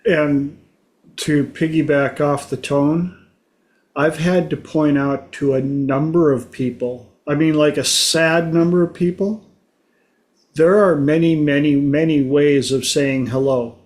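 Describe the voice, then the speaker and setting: A man hosting a casual group talk show, telling anecdotes in a lively way and acting out the voices of people in his stories. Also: on the high side, takes it slowly. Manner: animated storyteller, acts out voices in anecdotes. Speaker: host.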